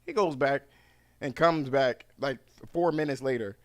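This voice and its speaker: A man hosting a podcast, telling animated stories in casual, profane chat. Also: mid-range voice, measured pace. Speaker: podcast host.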